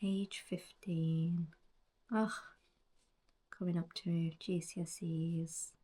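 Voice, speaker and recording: A woman in her forties reflects in soft whispered narration. She speaks slowly, in a fairly low, mellow voice. Her words often trail off into near-whispers. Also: flat delivery, slightly rough. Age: 40s. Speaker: colouring book author.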